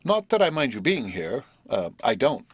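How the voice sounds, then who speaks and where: A man reading the part of a formal, earnest young male prodigy who lectures and bristles, in a husky voice. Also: mid-range voice, very animated, normal speed, dry recording. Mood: indignant.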